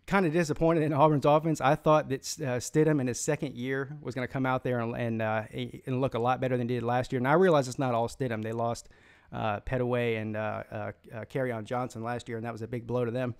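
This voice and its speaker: A man's voice: medium pitch, fairly even intonation, fairly quick, clean tone. A man hosting a live sports stream, rambling through opinions and reading out viewer comments, with frequent restarts and fillers. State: has the hiccups. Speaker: sports channel host.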